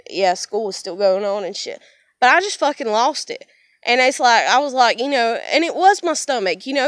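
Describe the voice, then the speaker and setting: Young American woman, high voice, dry close sound, venting bluntly and profanely to camera. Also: fairly bright tone, dry recording. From United States. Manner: blunt, heavy swearing, fiery. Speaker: vlogger. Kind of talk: emotional personal rant to camera.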